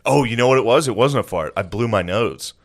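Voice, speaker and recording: A man's voice: medium pitch, animated, brisk, creaky. A man co-hosting a comedy podcast, telling crude stories with swearing, laughing and exaggerated impressions of the people in them. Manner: storytelling with exaggerated impressions of others. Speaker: podcast co-host. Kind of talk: casual comedy podcast banter.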